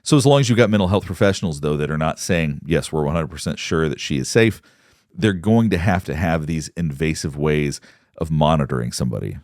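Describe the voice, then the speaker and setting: A man, a psychologist, giving measured, explanatory commentary on court footage. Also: extremely low pitch, lively intonation, darkish tone, no echo, studio quality. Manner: explanatory, measured, pauses to point things out. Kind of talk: analytical commentary.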